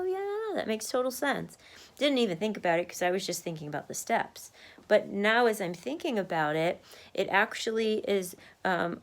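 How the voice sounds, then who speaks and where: Her voice sits on the low side and sounds creaky. She's a vlogger documenting her weight-loss journey, chatting candidly to camera from her home office desk while marching in place and sometimes laughing.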